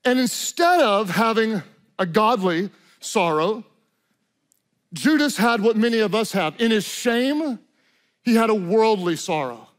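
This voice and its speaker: A man pastor preaching a sermon, swinging from loud emphatic lines to hushed, low passages. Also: expressive, measured pace.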